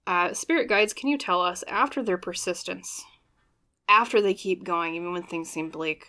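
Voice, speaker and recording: Bright-voiced woman giving a tarot reading. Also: fairly low pitch, normal speed. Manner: chatty, often checks in with "okay?"; earnest and apologetic, openly emotional. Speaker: tarot reader. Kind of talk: pick-a-card tarot reading.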